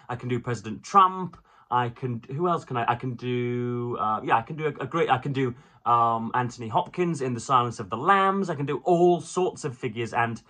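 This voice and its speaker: A man giving a casual spoken book review, wordy and ornate, often pausing and restarting mid-phrase. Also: medium pitch, sharp tone.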